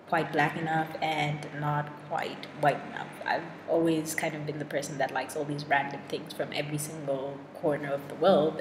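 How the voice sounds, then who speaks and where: A young woman in a casual vlog monologue, chatty and self-deprecating, full of fillers and restarts. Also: deep voice. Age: young adult. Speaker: vlogger. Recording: echoey room with long reverb and clear noise.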